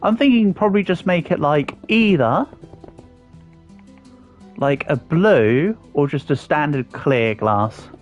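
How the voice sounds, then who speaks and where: A man's voice: on the high side, lively intonation, slow pace, long pauses, dull audio, faint music behind. An English man in his thirties, chatting casually on a live stream and answering viewers' comments as he builds. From England. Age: 30s. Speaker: livestreamer.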